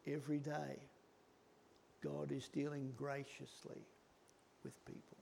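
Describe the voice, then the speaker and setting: High-voiced preacher, dramatic and emphatic. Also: male voice, monotone, slow, creaky, pauses often. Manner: dramatic swings from loud to hushed whispers. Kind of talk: sermon.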